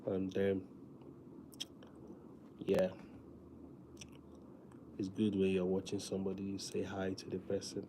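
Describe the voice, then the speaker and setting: A man chatting casually to viewers on a live stream, talking softly with many fillers because he is feeling weak. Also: low voice, monotone, noisy background. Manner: soft, drawn-out talk with many fillers.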